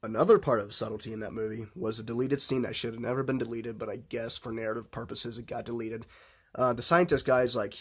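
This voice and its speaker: A man in mid pitch, talking off the cuff about films he loves. He rambles, trips over restarts and fillers, and swears without a second thought. His enthusiasm keeps pushing him onward. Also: little pitch movement, brisk, slightly rough. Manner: blunt and profane. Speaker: horror film vlogger. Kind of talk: casual unscripted film talk.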